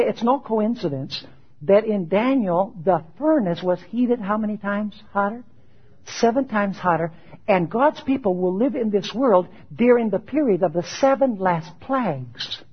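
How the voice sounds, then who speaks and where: A man with a high, slightly rough voice preaches an animated sermon, posing rhetorical questions and building to emphatic shouted peaks. The lo-fi recording sounds dull.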